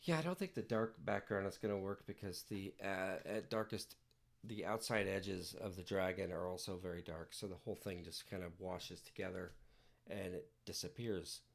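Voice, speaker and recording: A man's voice: sits low, moderate pace, gravelly. A man chatting casually on a livestream while he draws, rambling and joking with wordplay. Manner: playful, rambling, jokey wordplay. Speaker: digital artist livestreaming.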